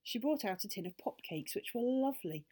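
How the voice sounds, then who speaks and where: A woman reading a children's story aloud in an expressive, animated way. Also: on the high side, a little fast, slightly rough.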